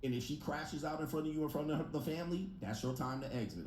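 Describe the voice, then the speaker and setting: A man's voice: fairly high pitch, quick pace, a little mellow, slight background noise. A man delivering a brash, profane relationship advice rant in a clip being played back. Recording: echoey clip replayed in a reaction.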